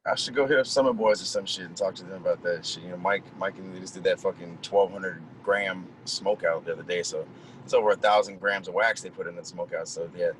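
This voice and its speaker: A young music producer from Merced, California, guests on a podcast, chatting casually and telling loose, laid-back stories full of slang and frequent laughter. He talks fast in a low voice. The audio is poor, with a little hiss or hum.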